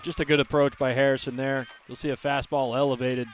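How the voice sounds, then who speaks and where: A man giving color analysis on a baseball broadcast, relaxed and analytical, breaking down each hitter's approach. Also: medium pitch, brisk, slight background noise. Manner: relaxed, analytical, level delivery. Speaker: color commentator.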